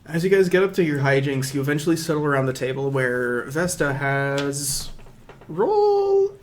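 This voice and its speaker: A man's voice: a little high, moderate pace, a little hiss or hum. Laid-back man narrating as game master. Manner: relaxed, rambling, casual asides.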